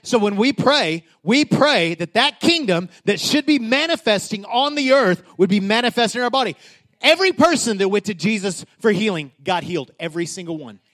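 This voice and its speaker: High-voiced passionate preacher man. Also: animated, normal speed. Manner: passionate, building to loud declarations with frequent restarts. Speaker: pastor. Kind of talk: sermon.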